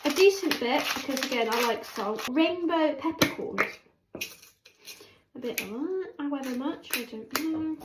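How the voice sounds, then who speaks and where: A cooking vlogger with a high voice chats casually while cooking in her home kitchen, rambling and poking fun at herself. Her intonation is lively but her pace measured, and the kitchen sounds echoey with background noise.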